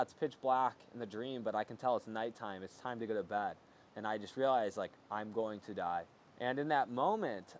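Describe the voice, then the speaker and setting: A man's voice: fairly low pitch, a little hiss or hum. A man telling a personal faith story as a vlogger, earnest and loose, with lots of "like" fillers. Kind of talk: personal testimony to camera.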